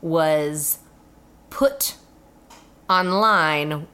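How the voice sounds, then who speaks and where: A young woman co-hosting a podcast, telling a travel story in casual chat, animated and often laughing. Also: deep voice, drawn-out words, smooth. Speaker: podcast co-host.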